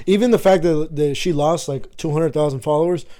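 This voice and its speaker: A young man co-hosting a podcast, joking loudly and swearing in casual chat. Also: a little high, fairly quick. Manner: loud, joking, swearing often, says bro a lot. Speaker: podcast co-host.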